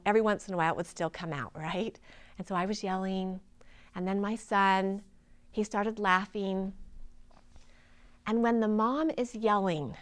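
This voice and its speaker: A woman's voice: mid-range voice, fairly bright tone. Earnest woman sharing an inspiring story. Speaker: healing practitioner. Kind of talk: personal testimony talk.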